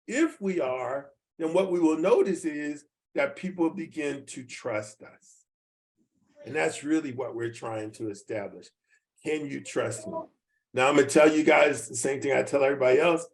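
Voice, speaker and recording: A man in his seventies runs a team training over a video call, speaking in a folksy and repetitive way and often asking whether everyone follows him. His voice sits a little high for a man. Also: normal speed, creaky. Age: 70s. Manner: folksy, repeats points, asks the audience questions.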